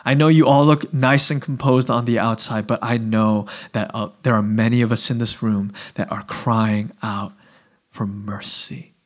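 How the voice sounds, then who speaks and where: A man preaching a sermon to a room of people, animated, moving from loud excited bursts to quiet low passages. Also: unhurried. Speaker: pastor. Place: church hall.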